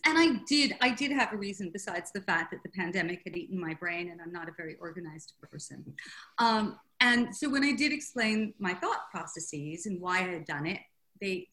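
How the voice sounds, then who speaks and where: A woman's voice: mid-range voice, pushed and bright. An older woman author telling a long anecdote in an interview, chatty and self-deprecating, laughing often. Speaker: author guest. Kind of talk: interview storytelling.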